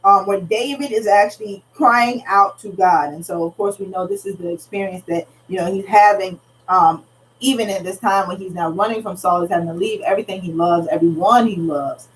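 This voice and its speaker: A woman's voice: mid-range voice, a little fast. A woman pastor teaching a Bible study in an earnest, conversational way, retelling scripture in everyday speech. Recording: slightly distant mic, faint background noise.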